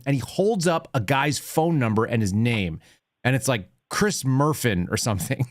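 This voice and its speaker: A man's voice: mid-range voice, lively intonation, moderate pace, dry recording, studio quality. A man in his thirties hosting a call-in show, telling an angry story in a loose, ranting way. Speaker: host. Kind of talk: casual call-in show chat.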